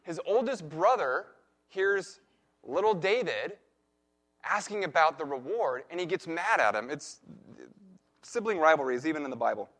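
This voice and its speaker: A man preaching a sermon, retelling a Bible story in a lively way and acting out the characters' lines. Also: fairly high pitch, normal speed, pauses often. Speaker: pastor.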